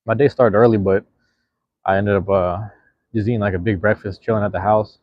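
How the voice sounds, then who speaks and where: A young man hosts a live stream, chatting loosely with his viewers in a slangy, rambling way. His voice sits low, and the sound is dry and close. The stream audio is a little dull and lo-fi. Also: fairly even intonation, a little fast, no room sound. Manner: laid-back, slangy, rambling. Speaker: livestream host. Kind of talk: casual live chat with viewers.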